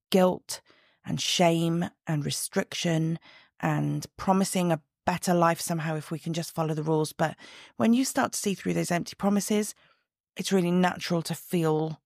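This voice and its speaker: Female podcast host, chatty and direct, lowish voice with fry, dry home recording. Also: dry recording. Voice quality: chatty, direct, laughs at herself. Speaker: podcast host and body image coach. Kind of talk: casual solo podcast talk. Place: sitting at home, room lights only. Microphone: own podcast mic.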